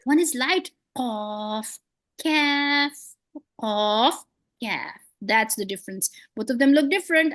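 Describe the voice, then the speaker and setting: Woman teacher, fairly high voice, dry close sound, encouraging, playful memory tricks. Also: a bit bright, no echo. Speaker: Quran reading teacher. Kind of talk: one-on-one beginner lesson.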